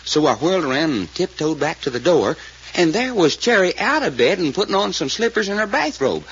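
A rambling country witness. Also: male voice, on the high side, very animated, a bit bright, slightly rough, exaggerated voice. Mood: telling. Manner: rambling, rustic grammar, halting. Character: folksy rural man, nervous eyewitness. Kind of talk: 1940s radio acting. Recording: dull old radio recording with faint hiss.

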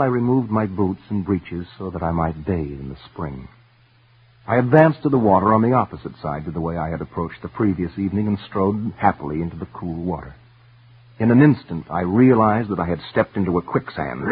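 A man giving earnest, intense first-person dramatic narration for a radio story, sometimes dropping to hushed tones. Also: on the low side. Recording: tinny old radio broadcast with faint music.

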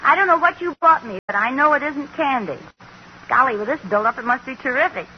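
An actress playing a playful, teasing wife in a 1940s radio sitcom. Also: female voice, high-pitched, lively intonation, brisk. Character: teasing, knowing young wife. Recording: dull, faintly hissy old radio recording.

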